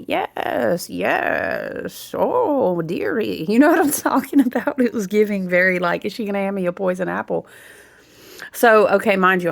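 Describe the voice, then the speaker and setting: A woman telling a story in a casual, animated vlog, often checking in with her listeners. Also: lowish voice, creaky, dry recording. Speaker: spiritual content creator.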